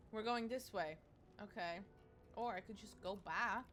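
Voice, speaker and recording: A woman's voice: medium pitch, measured pace, a bit bright, soft background music. A woman streaming a video game, chatting casually and talking back to the characters on screen in a self-mocking way. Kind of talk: casual gameplay commentary.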